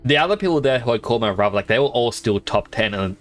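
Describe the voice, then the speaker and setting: A young man telling a long gaming anecdote on a stream, slipping into quick voices for the other players he quotes. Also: mid-range voice, lively intonation, soft background music. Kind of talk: casual storytelling while gaming.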